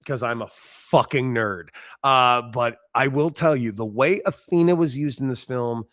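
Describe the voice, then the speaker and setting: An excitable man in his thirties co-hosts a casual podcast, speaking with emphatic enthusiasm and a freely dropped curse word. His mid-pitched voice sounds dry and close, with no room around it. He is from Los Angeles. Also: a little slow, no room sound. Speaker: podcast co-host. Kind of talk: casual sports podcast chat.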